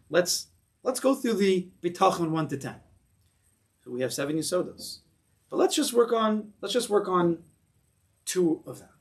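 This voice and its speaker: An American rabbi gives a Torah class to his congregation in a synagogue. His voice sits a little high for a man. He talks in an animated way, asks rhetorical questions and acts out the voices in people's heads.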